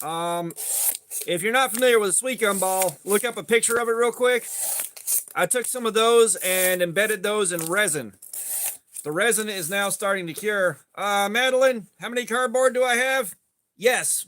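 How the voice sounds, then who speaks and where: A man's voice: high voice, normal speed, bright, forceful tone, slight background noise. A man, rambling in casual livestream chat, greeting viewers by name and swearing offhandedly. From southeastern United States. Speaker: livestream host.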